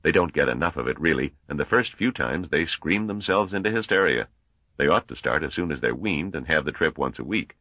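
A chatty, shrewd male stranger, as a man reading a storybook puts him on, knowing and easygoing in a very deep, husky voice with lively ups and downs. It is recorded dry and a little dull. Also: a little fast, dry recording, full character voice. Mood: musing. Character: genial but shrewd middle-aged man, chatty.

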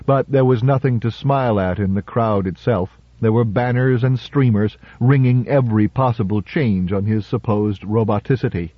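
A male narrator reading a story in a measured, dramatic way. The sound is dry and close, with a slightly muffled, dull tone. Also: on the low side, no room sound. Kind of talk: audiobook narration. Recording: slightly muffled audiobook recording.

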